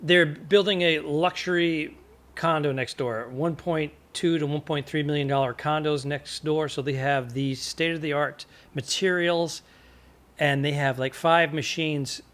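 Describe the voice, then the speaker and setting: Man, podcast co-host, slightly high voice, deadpan rambling chat. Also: unhurried. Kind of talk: casual comedic banter. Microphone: remote call with own microphone.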